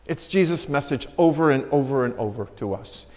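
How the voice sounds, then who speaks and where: A man preaching a sermon as pastor, telling a Bible story and acting out the quoted lines with changes in pitch and loudness. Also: animated, a little fast. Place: church sanctuary. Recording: church sanctuary with long reverb.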